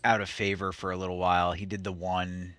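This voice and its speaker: A man co-hosting a movie podcast, talking in a quick, offhand way with lots of fillers. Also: sits low, level tone, a bit bright, no room sound, faint music behind. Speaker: podcast co-host. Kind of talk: casual movie chat.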